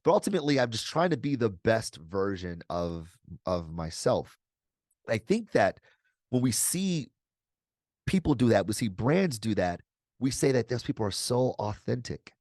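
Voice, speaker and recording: A man with a fairly low, dry-sounding voice talks as a guest on a video call. He is energetic and articulate, mixing in casual slang as he explains his ideas. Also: moderate pace, dry recording. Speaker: guest author. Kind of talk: conversational interview answers.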